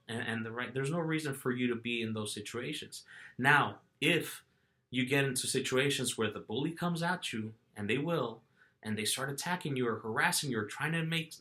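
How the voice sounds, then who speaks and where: A middle-aged man talks straight to his viewers in a casual, storytelling vlog. His tone is bright and forceful at an ordinary pitch. He keeps the telling animated, restarting phrases and jumping into quoted voices. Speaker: vlogger.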